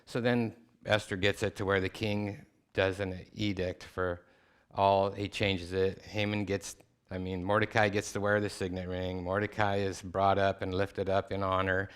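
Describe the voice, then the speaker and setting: A man's voice: sits low, little pitch movement, moderate pace, clear, resonant tone. A male guest speaker giving a chapel sermon, retelling a scripture story in casual, everyday slang.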